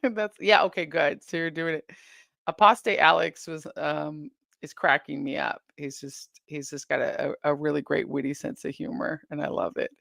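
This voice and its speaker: Reading comments aloud on a casual live stream, a woman chats back to viewers, rambling and giggling along the way. Her voice is lowish, gravelly, and a bit bright, with a steady tone and moderate pace, recorded dry and close without room echo.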